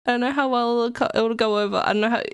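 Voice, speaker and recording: A woman streamer in casual live-stream chat, excitable and giggly, rambling and repeating herself. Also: a little high, a little hiss or hum.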